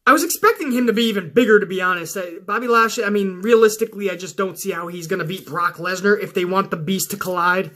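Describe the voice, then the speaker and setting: Host type, man, high bright voice, profane sarcastic rant. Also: fast talker, hardly any pauses. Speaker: wrestling commentary host. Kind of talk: casual rant.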